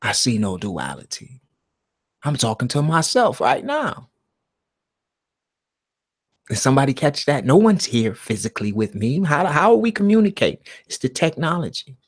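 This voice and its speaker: A man hosting a live stream alone, talking in a slow, meditative monologue that swings from loud emphasis down to a near-whisper. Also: on the high side, very animated, slightly rough. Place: alone at home.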